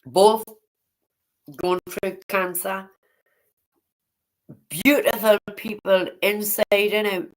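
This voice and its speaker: Blunt, gravelly woman. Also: mid-range voice, a bit bright, low-quality recording. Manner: blunt, swears freely, talks to chat by name. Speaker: livestreamer. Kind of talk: casual live-stream chat with viewers.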